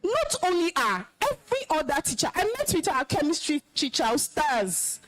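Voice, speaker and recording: Speaking at normal speed in a high, slightly bright voice with huge pitch swings, a young Nigerian alumna lectures schoolchildren at a school event. Her talk is stern and emotional, full of commands and scolding.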